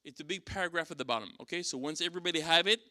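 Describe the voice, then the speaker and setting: A man's voice: on the high side, rapid-fire, pushed and bright, no echo, studio quality. A man with a French accent teaching an apologetics class at church, conversational, with fillers and restarts.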